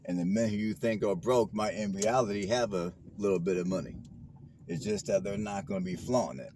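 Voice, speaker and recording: With a lowish voice and a slightly quick delivery, a man talks casually while driving. His car vlog is full of preachy, slangy advice that he keeps restating, and road noise can be heard behind him.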